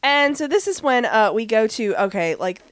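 A woman's voice: a little high, animated, moderate pace, dry recording. Chatty woman recapping a show. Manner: chatty, swears casually, acts out characters' lines in retelling. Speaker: podcast co-host recapping a TV show. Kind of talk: casual chat.

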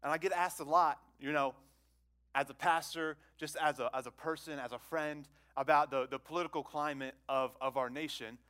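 Man preaching a lively conversational sermon. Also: moderate pace. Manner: conversational, repeats words, asks the congregation questions; swings from loud exclamations to hushed low phrases. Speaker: pastor.

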